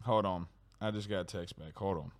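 At home at night, a young man runs a casual sports talk live stream, his low-pitched voice a little fast and a little mellow. He works through viewer comments in relaxed slang, saying the same phrases again and again.

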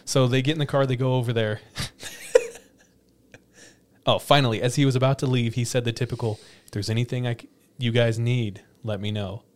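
A man hosting a casual podcast, telling a long story in an animated way, laughing often and acting out the lines of the people in it. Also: medium pitch, brisk.

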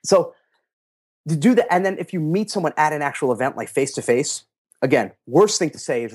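A middle-aged man, a guest in a casual interview, telling animated stories and acting out quotes in a raised voice. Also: a little high, brisk, husky. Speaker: interview guest, fitness marketer.

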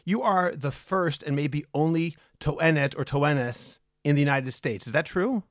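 A man hosting a podcast, reading a scripted intro in a clear, steady way and then asking interview questions. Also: on the high side, unhurried, dry recording, studio quality. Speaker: podcast host.

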